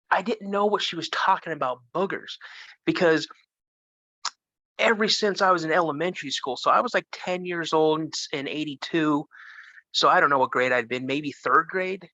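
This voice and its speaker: A man in his fifties, a guest telling a first-person story in an animated way, with frequent restarts. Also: on the high side, normal speed, dry recording, lo-fi sound. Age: 50s.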